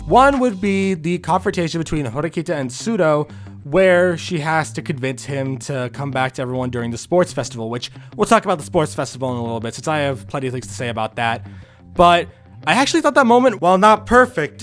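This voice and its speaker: A man giving a casual spoken review of an anime, earnest and repetitive, sighing and rising to exasperated outbursts. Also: on the high side. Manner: earnest, repeats himself, sighs, rising to exasperated bursts.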